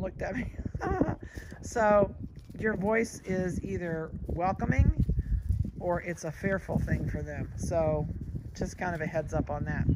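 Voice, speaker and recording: A man who breeds dogs, giving folksy, chatty advice outdoors in a yard and pausing to comment on the puppies. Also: high-pitched. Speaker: dog breeder. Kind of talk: casual outdoor advice talk. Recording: loud wind noise outdoors. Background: wind and puppies playing.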